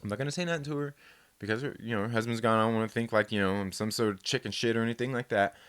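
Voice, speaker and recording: A man telling a story in a loose, casual chat, with a voice of middling pitch. He rambles, restarts and swears freely, and slips into quick put-on voices for the people he quotes. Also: fairly bright tone, clear, resonant tone, no room sound. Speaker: host.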